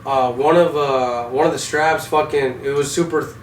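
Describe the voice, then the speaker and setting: Heard from a distant mic in an echoey room with faint noise, this young Army vehicle driver recounts war stories with plenty of swearing. He speaks at a normal speed in a steady, mid-range voice.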